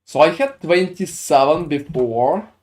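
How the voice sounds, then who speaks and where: While playing a game on stream, a French-accented man rambles casually with viewers, his answers to chat thick with fillers. His voice is a little high and a little mellow, with lively intonation and a slightly slow pace.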